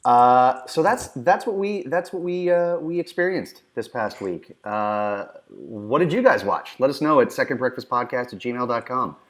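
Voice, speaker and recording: A man's voice: medium pitch, lively intonation, normal speed, hardly any pauses. A man co-hosting a movie podcast in casual chat, enthusiastic and emphatic with a joking streak. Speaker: podcast co-host.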